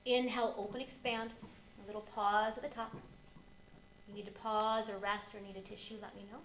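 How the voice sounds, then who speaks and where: Gentle woman guiding a yoga class. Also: medium pitch, flat delivery, roomy sound, a little hiss or hum, low-quality recording. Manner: gentle, unhurried cueing of breath and posture. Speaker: yoga teacher. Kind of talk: guided yoga class instruction.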